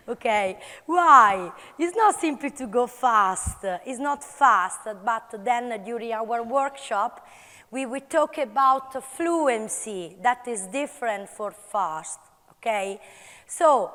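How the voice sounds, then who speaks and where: A woman's voice: high-pitched, a bit bright. A woman with an Italian accent leading an audience through a movement exercise at a conference, calling out commands energetically. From Italy. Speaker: conference speaker. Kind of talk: live workshop demonstration. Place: large conference hall. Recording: reverberant conference hall.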